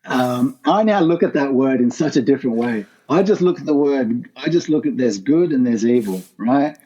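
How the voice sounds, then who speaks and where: A man's voice: mid-range voice, lively intonation, moderate pace, mellow, slightly rough, poor audio. A man, a podcast guest telling a raw personal story in an earnest, intense way with casual slang. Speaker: podcast guest, former pro skateboarder. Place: his art gallery, remote call.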